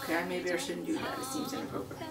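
A young woman from Georgia with a Southern American accent, vlogging to the camera at home in a chatty, animated way. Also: sits high, fast talker. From Georgia, USA. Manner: animated and chatty, talking straight to the viewer. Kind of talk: casual vlog chat. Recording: roomy, mic at a distance, music behind.

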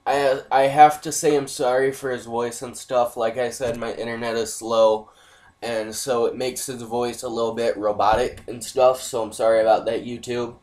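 A man's voice: mid-range voice, flat delivery, moderate pace, a little mellow. Male gaming host, mid voice, casual, sweary, apologetic chatter. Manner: loose, profane and apologetic chatter. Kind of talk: casual gameplay commentary.

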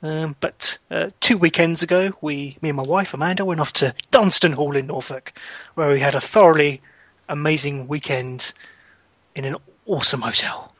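A young man hosting a podcast in casual chat, chatty and quick to laugh, often restarting his sentences. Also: a little high, steady tone, fairly bright tone, no room sound. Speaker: podcast host.

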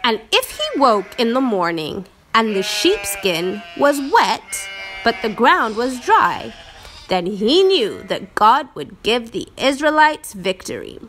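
A woman teaching a church lesson, telling a Bible story in a slow, expressive storytelling manner. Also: on the high side, faint music behind.

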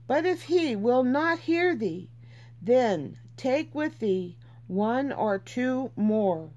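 A woman's voice: fairly high pitch, very animated, takes it slowly, darkish tone, lo-fi sound. A woman reading Bible verses aloud and teaching from them in an earnest, informal way, repeating herself for emphasis.

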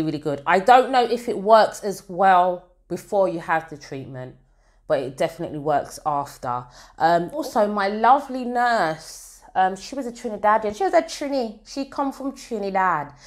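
A woman from the UK talking casually to camera as a beauty vlogger, chatty and rambling with lots of fillers and asides. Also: deep voice. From United Kingdom.

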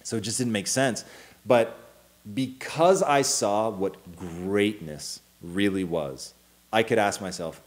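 A man in his thirties co-hosting a casual talk show, telling a story with animated energy, acting out quotes and swearing freely. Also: fairly low pitch, takes it slowly. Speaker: co-host.

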